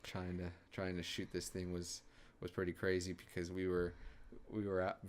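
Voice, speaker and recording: A man with a fairly low voice talks through a director's commentary on his own short film. He is laid-back and casual, trading laughing asides and exclamations with a co-host. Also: completely flat delivery, moderate pace, slight background noise. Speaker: filmmaker giving director's commentary.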